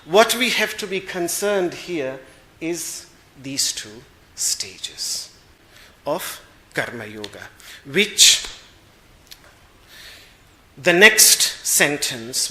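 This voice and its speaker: In an echoey room, a Vedanta teacher gives a spiritual discourse at a slow, measured pace, pausing to search for words as he explains. His voice is on the high side, animated, and sharp in tone.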